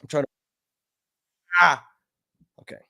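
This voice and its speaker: A man's voice: a little slow, pushed and bright. A man hosting a casual livestream from a home studio, chatting loosely, swearing and mocking himself, now and then coughing from smoking. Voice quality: loose and profane, self-mocking. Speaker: streamer host.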